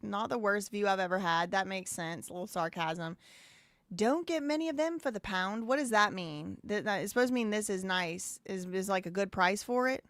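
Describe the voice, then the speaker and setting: A woman's voice: mid-range voice, fairly quick, hardly any pauses, a bit bright, no room sound. A woman hosting a live stream, chatting casually, laughing and repeating phrases as she goes. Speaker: live show host.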